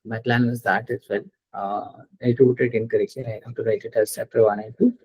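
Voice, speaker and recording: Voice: medium pitch, level tone, a little fast, a little mellow, slightly rough, low-quality recording. A French teacher gives a live lesson. The teacher explains step by step, repeats each example and often checks that the student understands. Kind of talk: live online language lesson.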